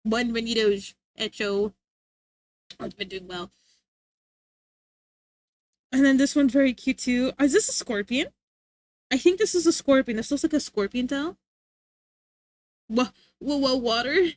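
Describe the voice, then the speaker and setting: A woman's voice: high-pitched, lively intonation, measured pace, long pauses. A young adult woman livestreamer chatting casually, rambling and giggling as she reads chat aloud. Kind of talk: casual live-stream chat.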